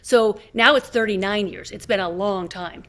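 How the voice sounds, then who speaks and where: A woman's voice: medium pitch, normal speed. A woman in her fifties hosting a podcast, telling an anecdote animatedly and acting out the other people in it. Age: 50s. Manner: animated storyteller acting out quoted dialogue. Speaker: podcast host. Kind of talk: casual conversation, storytelling.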